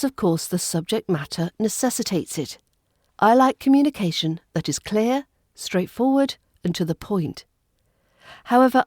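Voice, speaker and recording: A middle-aged woman with an RP British accent, an accent coach reading a podcast lesson in a clear, precise and measured way. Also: medium pitch, dark tone, dry recording, studio quality. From England.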